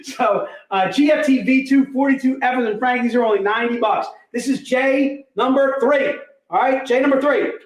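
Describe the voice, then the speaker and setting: A man hosting a live comic book sale, pitching deals in energetic, repetitive, joking hype talk. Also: moderate pace. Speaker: host selling comic books. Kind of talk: live online sales pitch. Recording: echoey room.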